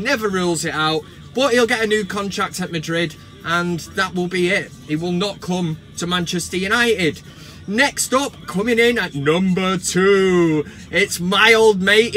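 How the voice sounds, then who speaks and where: A high-pitched man rants about football with sweary, mocking glee. His voice is bright and forceful. Faint music plays under his talk. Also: a little slow. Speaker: vlog host. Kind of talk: casual comedic football rant.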